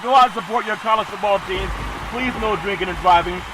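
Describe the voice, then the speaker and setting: High-voiced excitable male sports host. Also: fairly quick, noisy background. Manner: excitable, loud bursts of emphasis. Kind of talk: college football preview commentary.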